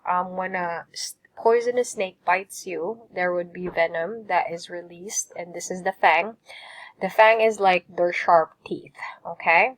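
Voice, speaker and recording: A woman's voice: lowish voice, measured pace, poor audio. A woman teacher giving a recorded lesson, patiently saying words and asking students to repeat them.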